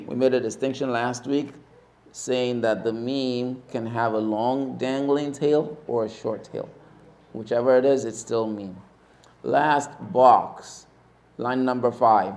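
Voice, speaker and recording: Slow, deliberate man drilling letters. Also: medium pitch, steady tone. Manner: calls out each letter loudly and repeats it. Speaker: Arabic teacher. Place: mosque classroom.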